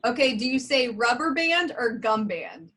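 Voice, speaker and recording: A woman co-hosting, asking brisk quiz-style questions in casual interview. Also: on the high side, lively intonation, bright, forceful tone. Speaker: co-host.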